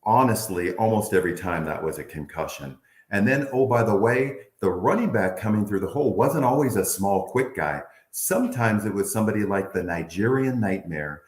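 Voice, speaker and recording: A man in his fifties, a former football player from the Bay Area, telling animated stories in an interview and acting out quotes. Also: fairly low pitch, normal speed, hardly any pauses, echoey room. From Bay Area, United States. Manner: animated storyteller, acts out quotes, laughs often. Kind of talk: candid interview storytelling.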